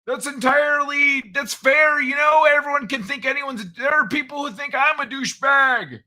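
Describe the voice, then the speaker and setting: A man voicing a loud, cranky old man character on a live stream, grumbling and complaining. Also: very high voice, normal speed, pitched above the performer's own voice, exaggerated voice. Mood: rambling.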